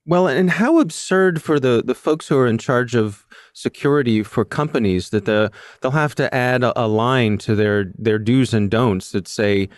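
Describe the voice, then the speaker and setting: American-style host, even mid voice, amused and easygoing. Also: male voice, mid-range voice, normal speed, few pauses, dry recording, studio quality. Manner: amused, wry, laughs along. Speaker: podcast host. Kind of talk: casual podcast chat.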